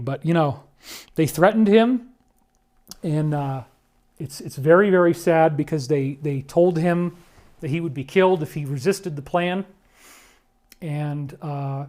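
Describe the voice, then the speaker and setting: A man's voice: on the high side, a little mellow. A man giving emotional commentary over photos, earnest and conspiratorial, at times pleading and choked up. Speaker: speaker presenting disclosure claims.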